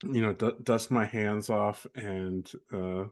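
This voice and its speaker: A man's voice: lowish voice, steady tone, takes it slowly, no room sound, studio quality. Rambling male tabletop player. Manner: rambling, hesitant. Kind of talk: tabletop game play.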